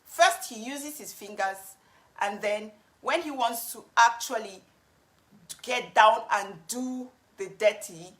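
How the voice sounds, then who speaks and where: A woman's voice: fairly high pitch, slow pace, fairly bright tone. A woman telling a personal story to camera, earnest and frank. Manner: earnest, frank, with some restarts. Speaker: vlogger.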